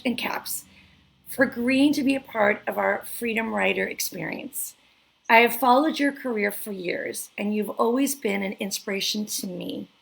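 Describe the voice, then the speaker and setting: Host, female, gushing and emotional, slightly high, gravelly edge. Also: poor audio. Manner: effusive, emotional, reads a letter aloud. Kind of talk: live online interview.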